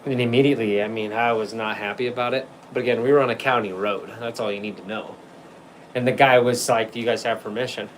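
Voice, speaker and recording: A man chatting on a livestream in a rambling, unscripted way, swearing freely and laughing often. His voice sits at an ordinary middle pitch, and a faint hum of air conditioning runs under it. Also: fairly even intonation, quick pace, rough recording. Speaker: livestream host. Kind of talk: casual livestream chat.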